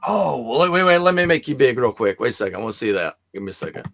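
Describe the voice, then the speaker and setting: A man hosting a relaxed online call with a gravelly, creaky voice. His pitch swings widely as he rambles and laughs along with his guests. He sounds like he is talking over a video call. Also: racing. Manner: animated, laughs often, rambling. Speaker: host. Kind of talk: casual video-call chat.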